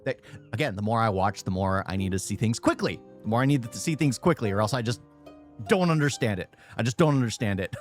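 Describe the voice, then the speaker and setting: A young man streaming a reaction video, talking fast and loud, stuttering and repeating himself. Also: fairly low pitch, lively intonation, faint music behind. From United States. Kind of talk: casual reaction commentary.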